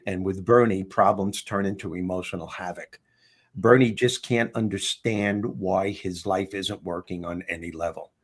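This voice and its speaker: A man's voice: low voice, steady tone, normal speed. A man being interviewed about his book, talking casually and telling its story with animation. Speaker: author guest. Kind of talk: interview conversation.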